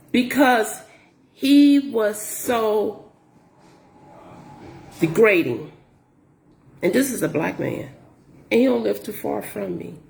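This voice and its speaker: A woman's voice: mid-range voice, takes it slowly, creaky, long pauses, reverberant, slight background noise. A middle-aged woman, a grocery delivery shopper telling stories in a casual vlog, repeating herself as she vents about rude customers. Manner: animated, repetitive, exasperated retelling.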